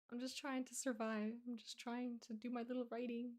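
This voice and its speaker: A woman's voice: fairly high pitch, darkish tone. A woman streamer chatting casually and rambling as she answers her chat, sleepy and yawning. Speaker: artist streamer.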